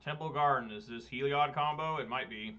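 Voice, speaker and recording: A man's voice: mid-range voice, brisk, bright, forceful tone. A married man streaming a card game, rambling and self-deprecating in casual gameplay commentary. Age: adult, married. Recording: dull lo-fi mic.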